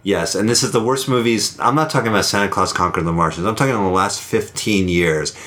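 A man with a low voice co-hosts a casual podcast. He tells jokes and acts out the voices in them. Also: fairly quick, fairly bright tone. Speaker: podcast co-host. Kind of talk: casual chat.

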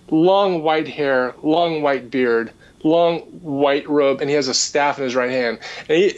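A man with a fairly high voice tells his story in an earnest, animated way, restarting his sentences as he goes. The recording sounds dull and lo-fi. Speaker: energy healer guest. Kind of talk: casual storytelling.

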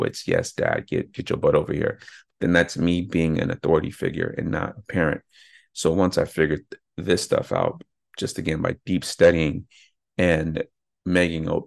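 A man's voice: rumbling low, creaky, no echo, studio quality. A man hosting an unscripted solo podcast, talking in a casual, rambling way and often correcting himself mid-sentence. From California. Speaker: podcast host.

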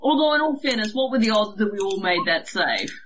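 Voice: medium pitch, expressive, fairly quick. A tabletop player chatting casually in a mid-range voice, wry and analytical as they weigh up the odds. A faint background ambience and hiss sit under the voice. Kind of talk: casual tabletop game chat.

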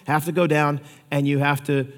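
Animated male preacher in a reverberant hall. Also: fairly high pitch, normal speed. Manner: animated storytelling, acts out quotes. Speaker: pastor. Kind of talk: sermon.

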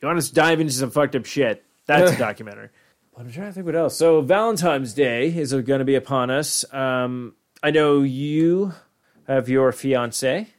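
Speaking at a moderate pace in a mid-range voice, this young podcast co-host rambles casually, swearing often and filling his speech with "like."

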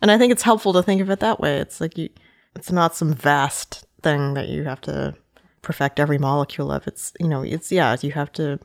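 A woman's voice: deep voice, fairly quick, gravelly. A woman co-hosting a casual conversation, speaking reflectively and hesitantly with repeated restarts. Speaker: podcast co-host.

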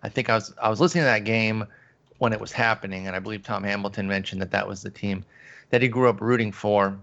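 Gravelly-voiced man hosting a podcast. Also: fairly low pitch, fairly even intonation, quick pace, a bit bright, muffled recording. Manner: jokey, rambling, laughs easily. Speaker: podcast host. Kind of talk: casual sports podcast chat.

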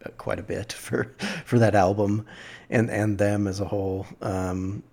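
A young man co-hosting a casual podcast chat, excitable and quick to laugh. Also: vocal fry. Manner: excitable, laughs often, pitch jumps when animated. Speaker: podcast co-host.

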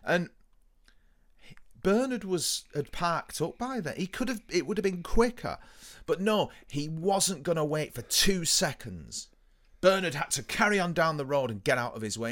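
A man telling stories in a casual podcast chat, animated and sweary. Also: fairly high pitch, moderate pace. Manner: animated storytelling with lively swearing. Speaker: podcast co-host.

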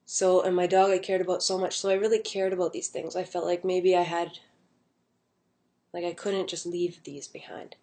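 A woman's voice: on the low side, little pitch movement, normal speed, warm tone. A young adult woman casually telling a personal story at home, rambling with many fillers and restarts. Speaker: vlogger.

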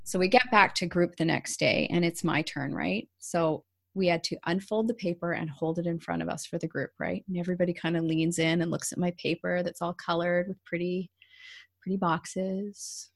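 A woman's voice: fairly low pitch, steady tone, normal speed, creaky, dry recording, studio quality. A middle-aged woman coach telling her own story as a podcast guest, candid and emphatic, acting out the things she once said. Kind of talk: personal storytelling in an interview.

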